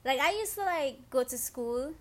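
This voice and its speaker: A young woman telling her story as a guest in a casual chat, animated and acting out what people said. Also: high voice, moderate pace. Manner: animated, acts out quotes, rises to squeals when excited.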